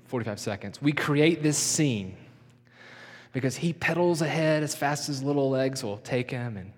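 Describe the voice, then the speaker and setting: A middle-aged man preaching a sermon in a church, earnest and slowing down to soften his voice for emphasis. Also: medium pitch, animated. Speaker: pastor. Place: church sanctuary. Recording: long reverb of a large hall.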